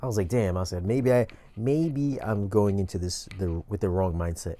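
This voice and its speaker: Male co-host, very deep and dark-toned, relaxed and rambling opinions. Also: moderate pace. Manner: laid-back, rambling and blunt. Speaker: podcast co-host. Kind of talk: casual podcast chat.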